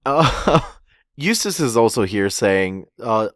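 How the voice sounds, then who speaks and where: A man's voice: medium pitch, sing-song, slow, a bit bright, no room sound, studio quality. A man co-hosting a podcast, chatting casually and unhurriedly, swearing now and then. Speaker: podcast co-host. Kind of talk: casual chat recapping a manga chapter. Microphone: podcast microphone.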